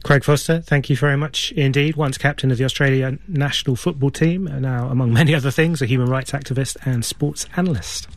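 A man presenting the news, questioning a guest in a measured, formal way. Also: medium pitch, steady tone, dry recording. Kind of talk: studio interview.

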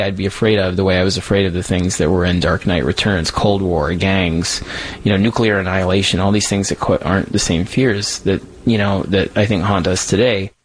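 A man's voice: low voice, low-quality recording. Candid, rambling male writer. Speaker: comic book writer, guest. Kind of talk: interview answers. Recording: music playing underneath.

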